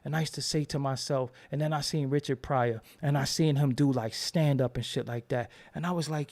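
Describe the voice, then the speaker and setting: A man with a gravelly, mellow voice hosts his own channel in a loose monologue. He swears freely and slips into quoted voices as he tells his stories. His pitch sits in an ordinary middle range. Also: brisk, hardly any pauses. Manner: profane, rambling storytelling. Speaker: host. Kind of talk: casual monologue.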